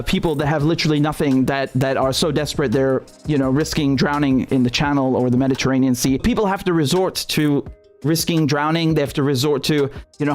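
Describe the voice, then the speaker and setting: A man hosting live political commentary, indignant and sarcastic, swearing freely as he rants. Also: fairly high pitch. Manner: indignant, sarcastic, profane ranting. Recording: faint music behind the voice.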